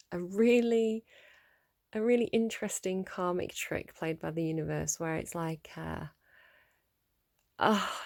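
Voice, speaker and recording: Low gravelly woman doing a tarot reading. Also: darkish tone. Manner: rambling, laughing, trips over words. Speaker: tarot reader. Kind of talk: casual spoken tarot reading. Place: at home.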